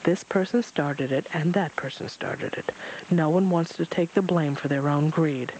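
A man voicing a calm, wise old stranger who questions things with gentle amusement. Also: on the high side, moderate pace, a little hiss or hum, natural voice, rough recording. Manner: calm, reflective, lightly mocking.

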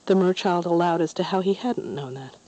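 A woman narrating a storybook in a gentle, measured way. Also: lowish voice, no room sound, muffled recording. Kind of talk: storybook reading.

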